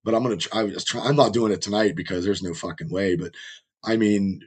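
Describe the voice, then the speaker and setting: A man with a rough, strained voice, hosting a podcast and telling long, rambling, profane stories in casual chat. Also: lowish voice, fast. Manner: rambling storyteller, heavy swearing. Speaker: podcast host.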